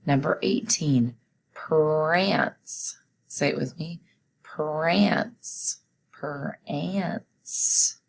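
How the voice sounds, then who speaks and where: A woman teacher giving a recorded spelling test, reading each word slowly and deliberately and pronouncing it clearly. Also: deep voice, a little hiss or hum, low-quality recording. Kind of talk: recorded classroom spelling dictation.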